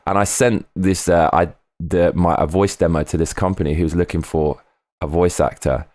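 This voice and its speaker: Guy streaming live, chats and reads out comments, kinda low voice, dry close mic. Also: steady tone, normal speed, darkish tone, dry recording. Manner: rambling and chatty, swears freely; reads viewer comments aloud. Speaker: live streamer reading chat. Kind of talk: casual live-stream chat.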